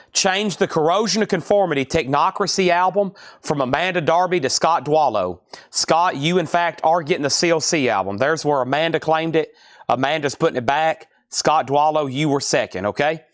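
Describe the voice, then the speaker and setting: A man's voice: on the high side, fairly bright tone, dry recording, clean studio sound. A man running a live record auction stream, rattling off prices and bidder names with chatty asides to viewers.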